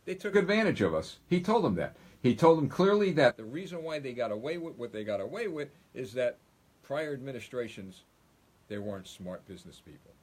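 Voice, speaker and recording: A man's voice: mid-range voice, very animated, a little fast, a little mellow. A middle-aged man hosting a political live stream, talking emphatically and repeating points to his listeners. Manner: emphatic, repetitive, addresses listeners as folks. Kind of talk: political commentary monologue.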